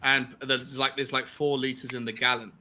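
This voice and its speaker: Chatty British-based male co-host, bright edgy voice, quick explanations. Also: medium pitch, level tone, slight background noise. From United Kingdom. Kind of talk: casual chat.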